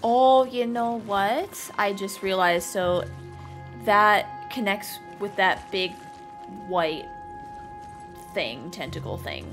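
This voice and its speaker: A woman's voice: mid-range voice, slow pace. A woman doing casual let's-play commentary over a video game, exclaiming and joking at her own expense. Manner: excitable, exclaiming and joking at herself. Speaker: gamer playing through a video game. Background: game music and sound effects.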